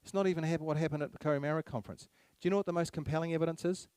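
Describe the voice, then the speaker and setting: A man's voice: a little high, steady tone, rapid-fire, a little mellow, clear, resonant tone, dry recording. A man giving a public speech to a live audience, emphatic, repeating key phrases and firing rhetorical questions at the crowd. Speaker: speaker at a public meeting.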